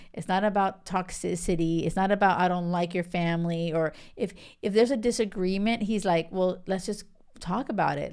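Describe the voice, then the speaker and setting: A chatty, emphatic woman talks her listeners through relationship advice as a show host. Her voice is smooth and clear, and her pitch sits at an ordinary middle height for a woman. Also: a little mellow. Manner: chatty and emphatic, with frequent "like" and "right?" and some laughter. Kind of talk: casual advice monologue.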